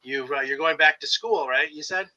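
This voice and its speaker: A man hosting a casual book talk over a video call, chatty and quick to laugh. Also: a little high, muffled recording, a crowd in the background. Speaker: podcast host. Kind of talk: casual chat.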